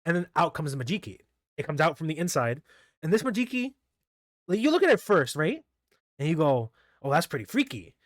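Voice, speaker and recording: A man hosts a casual recap of comic chapters, rambling through his thoughts with frequent fillers and restarts. His voice sits a touch higher than most men's. The sound is dry and close, with no room echo. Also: big pitch swings, fairly quick, pauses often. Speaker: manga review channel host.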